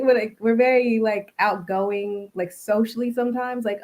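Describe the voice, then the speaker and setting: A woman hosting a casual interview, reading out viewer questions and lively when she acts out what people told her. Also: fairly high pitch, normal speed, hardly any pauses. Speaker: host.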